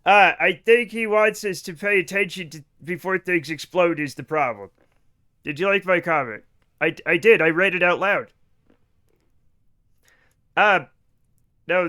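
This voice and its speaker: A man streaming a space game live, chatting with his audience in an animated, joking way and swearing freely. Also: high-pitched. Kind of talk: live gameplay stream chat.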